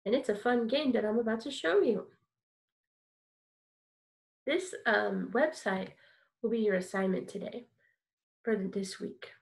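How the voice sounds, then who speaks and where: A woman teaching a kindergarten music lesson, speaking encouragingly and singing simple songs slowly for young children. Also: a little high, vocal fry, reverberant. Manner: bright, encouraging, sings slowly with exaggerated voice play.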